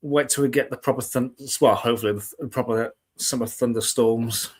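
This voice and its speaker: A man's voice: medium pitch, steady tone, a little fast, slightly rough. A man hosting a casual live weather chat show, talking in a chatty, rambling way and often correcting himself mid-sentence.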